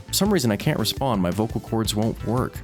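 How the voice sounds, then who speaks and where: A man's voice: fairly low pitch, big pitch swings, fairly quick, darkish tone, soft background music. A man reading a visual novel's first-person narration aloud as a let's play host, with small stumbles.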